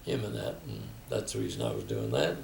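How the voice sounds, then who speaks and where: An older man tells his stories reflectively, giving voice to the people in them. His low voice is heavily gravelly and moves widely in pitch. It was recorded in a reverberant room with a faint hiss behind it. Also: big pitch swings, brisk, a little mellow, recorded from a distance. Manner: reflective storytelling, quoting others. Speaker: interviewee. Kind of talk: oral history interview. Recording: echoey room, faint background noise.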